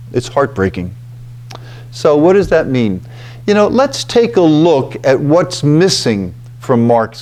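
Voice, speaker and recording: A man giving a reflective scripture talk at a retreat house, deliberate and emphatic, often checking in with "okay" and "you know.". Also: fairly high pitch, a little mellow.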